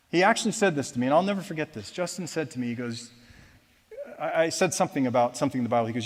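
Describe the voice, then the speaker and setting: A man's voice: sits high, fast, a bit bright, big-room sound. Self-deprecating man telling a church testimony. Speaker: church member giving a personal testimony. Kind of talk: personal testimony told as a story. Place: church auditorium.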